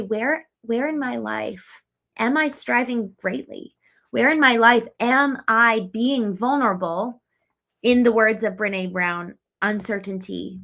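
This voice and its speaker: Reading chat comments aloud, this livestream host talks in an earnest, reflective way, dropping plenty of ums and likes. She has a mid-range voice with a fairly bright tone.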